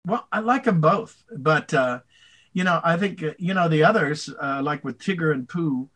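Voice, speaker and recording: An older man, a voice actor, answering interview questions in a rambling, animated way, slipping into voices. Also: on the high side, moderate pace. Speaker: voice actor guest.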